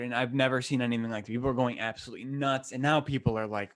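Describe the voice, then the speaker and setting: A man in his 20s from Western New York races through a long story with few pauses on his solo podcast, his mid-range voice animated, slangy and rambling as he gets worked up. He's working from a temporary room rather than his usual setup.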